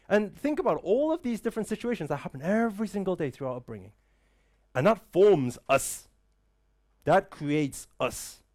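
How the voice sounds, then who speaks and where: A motivational speaker with a high, slightly mellow voice talks to a live audience in an event room. His delivery is full of rhetorical questions and repeated "right?"s.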